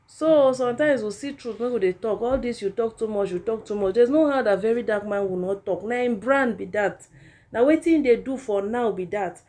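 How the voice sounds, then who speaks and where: Chatty Nigerian woman with a mellow voice. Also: on the high side. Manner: chatty, talkative, mixing Pidgin and English. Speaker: celebrity gossip YouTuber. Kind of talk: casual commentary reading out viewer comments.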